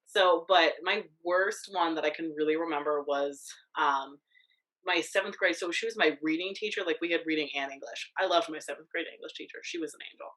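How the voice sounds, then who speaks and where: A young woman co-hosting a podcast, telling a story in casual chat, animated, swearing freely, with lots of filler words. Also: low-pitched, brisk, low-quality recording. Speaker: podcast co-host.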